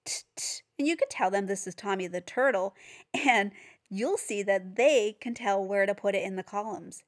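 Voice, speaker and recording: A woman giving a phonics lesson for teachers and parents, patiently sounding out each letter. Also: medium pitch. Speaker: reading teacher.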